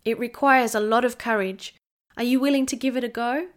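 A woman reading a gentle, patient man. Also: on the high side, fairly even intonation, brisk, natural voice. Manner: soft and gentle. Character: gentle patient adult man, kind listener.

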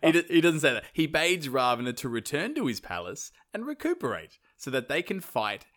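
A man's voice: a little high, sing-song, a little fast, noisy background. A man casually retelling an old myth as a podcast host, swearing freely and laughing often. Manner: laid-back, swears freely, laughs often, does mocking voices. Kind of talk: casual chat.

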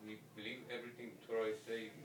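A man in a class audience asking hesitant, searching questions and pausing on fillers. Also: lowish voice, completely flat delivery. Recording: echoey room, voice from far off with crowd noise.

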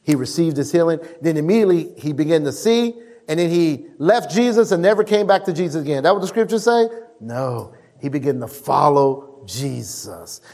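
A man preaching a sermon, reading scripture aloud and acting out the voices with emphatic, drawn-out delivery. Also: a little high, big pitch swings, a little mellow. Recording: long hall reverb.

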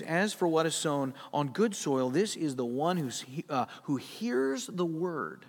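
A man with a fairly high voice preaches a sermon in what sounds like a church sanctuary. He moves between loud, emphatic bursts and hushed, almost whispered lines. A long hall reverb trails each phrase. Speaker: pastor.

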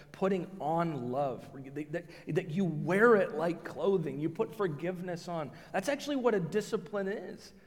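A man preaching a sermon as pastor, telling stories in a lively way and acting out the voices of the people he quotes. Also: on the high side, long reverb tail. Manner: animated storyteller, acts out quoted voices, self-restarting.

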